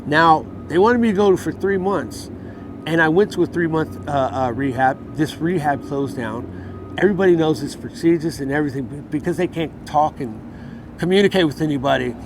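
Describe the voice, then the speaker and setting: A man's voice: fairly high pitch, moderate pace. Heated, profane man telling his story outdoors. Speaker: interviewee. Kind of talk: casual street interview. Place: outdoors in a city. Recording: outdoor street noise.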